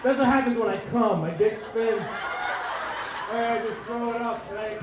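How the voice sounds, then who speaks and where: A man's voice: very high-pitched, normal speed, very noisy. A man doing a crude stand-up comedy set, brash and profane, often laughing at his own jokes, on a comedy club stage. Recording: very echoey club room with crowd.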